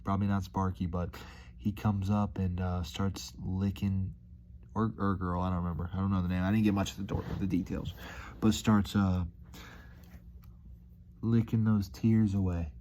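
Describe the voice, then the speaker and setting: A relaxed man muses out loud in a loose, rambling way, tossing in dude and man. His voice sits low and mellow. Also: moderate pace, a little hiss or hum. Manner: laid-back, rambling, says dude and man a lot. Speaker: vlogger. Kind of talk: casual reflective monologue.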